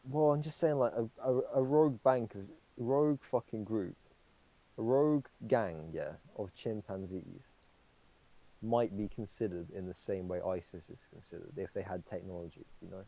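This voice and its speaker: A man's voice: lowish voice, moderate pace, gravelly, warm tone, low-quality recording. A young man co-hosting a podcast, rambling through casual chat with lots of fillers and swearing. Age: young adult. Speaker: podcast co-host.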